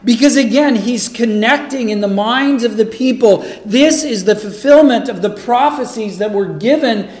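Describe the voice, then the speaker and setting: A man's voice: very high-pitched, moderate pace, few pauses. A man preaching a sermon, earnest and emphatic, often repeating words as he builds a point. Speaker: pastor.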